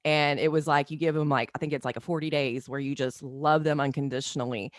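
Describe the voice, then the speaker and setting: A woman guest in an interview, speaking earnestly and haltingly, with many pauses and fillers. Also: low-pitched, fairly even intonation, dry recording, studio quality. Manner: earnest, halting, full of you-knows. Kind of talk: candid interview talk.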